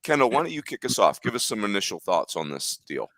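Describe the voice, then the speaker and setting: Deep-voiced jokey sports show host. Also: male voice, big pitch swings, fast, fairly bright tone, no echo. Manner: jokey, upbeat, teasing. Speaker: podcast host. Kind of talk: casual sports talk.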